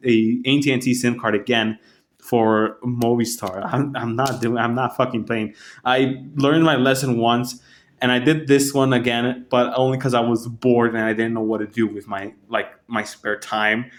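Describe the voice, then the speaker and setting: Speaking in a steady, medium-pitched voice, this vlogger rambles through a story on camera, cursing frequently and starting his sentences over and over.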